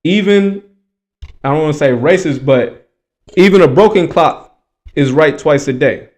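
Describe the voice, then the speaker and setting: A man's voice: fairly high pitch, unhurried, darkish tone. A man hosting a reaction commentary, talking in an emphatic, preachy, repetitive way. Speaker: commentary host.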